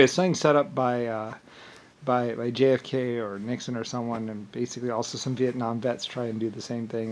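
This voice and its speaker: A man's voice: mid-range voice, level tone, a little fast. A man talking in a rambling, profane monologue, full of restarts and angry outbursts. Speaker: video monologue speaker.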